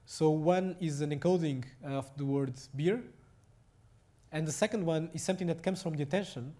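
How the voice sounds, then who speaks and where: A young adult man with a Portuguese accent gives a technical lecture in a slightly high, mellow voice. He speaks haltingly, with many fillers and restarts.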